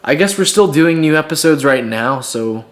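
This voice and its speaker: A man's voice: a little high, animated, normal speed. Young male podcast co-host, laid-back, easy laugh, casual slang. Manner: laid-back, laughs easily, says "man". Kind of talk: casual chat.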